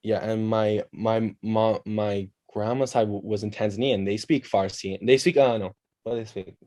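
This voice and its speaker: A young man from Canada, a podcast guest chatting casually and telling animated stories with quick asides. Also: fairly low pitch, dry recording. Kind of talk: casual chat.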